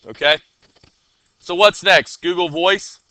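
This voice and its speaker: A man's voice: sits high, takes it slowly, pushed and bright, slight background noise. A man teaching a classroom coding lesson, talking casually and often checking that his students are following.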